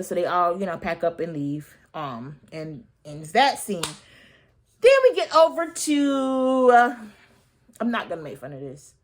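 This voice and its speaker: A woman's voice: mid-range voice, a bit bright. Sassy chatty woman recapping reality TV. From United States. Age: 30s. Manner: sassy and chatty, with slang and quick asides. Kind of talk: casual recap commentary.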